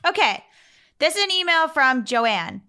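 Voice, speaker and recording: A woman hosting a podcast, chatting casually and reading a listener email aloud, playful and quick to laugh. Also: high voice, big pitch swings, pushed and bright. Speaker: podcast host.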